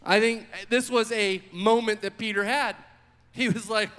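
A man preaching a sermon, telling the story with animated, acted-out quotes. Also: high voice, measured pace, clear, resonant tone, in a large hall. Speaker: pastor.

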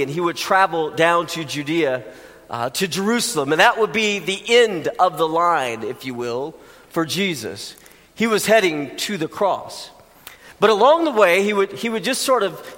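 A man's voice: sits high, fairly bright tone, in a large hall. A man preaching a sermon in a conversational way, with joking asides to the congregation. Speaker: pastor.

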